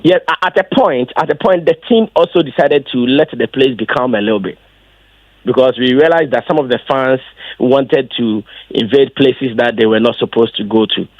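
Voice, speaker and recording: A man, an event organizer answering interview questions as an emphatic storyteller whose voice leaps high when he gets excited. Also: moderate pace, no room sound. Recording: dull lo-fi dry sound.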